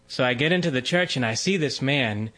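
Brief: man, 40s, Catholic priest, easygoing anecdote, mid-pitched. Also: a little fast. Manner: relaxed storytelling, laughs often, frequent fillers. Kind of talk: conversational testimony.

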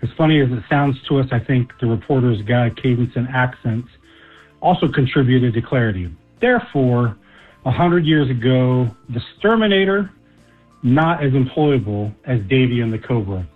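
A man's voice: mid-range voice, moderate pace, husky, faint music behind. Guy calling in, phone-line sound, explaining his theory. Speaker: caller.

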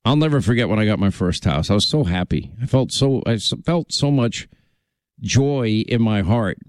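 A man's voice: lowish voice, animated, normal speed, no echo. A man hosting a call-in radio talk show, chatting with callers in a friendly, rambling way.

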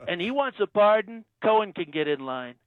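A man's voice: high voice, sing-song, normal speed, dry recording. A man playing a boastful older US president in a comedy radio bit, bragging in short punchy sentences over a phone line. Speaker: caller. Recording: tinny phone line, dry.

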